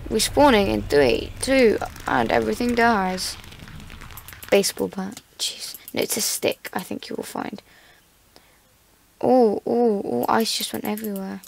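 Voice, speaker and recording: A woman's voice: fairly high pitch, measured pace, vocal fry, pauses often, a little hiss or hum. A woman giving casual, playful gameplay commentary, chatty and self-mocking as she plays. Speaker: gamer. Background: faint background music.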